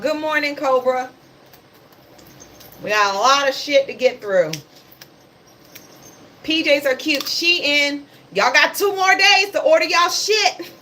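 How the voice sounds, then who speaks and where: A woman's voice: sits high, pushed and bright, a little hiss or hum. A woman hosting a casual livestream, talking about the news in a passionate, sarcastic and blunt way. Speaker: livestream host.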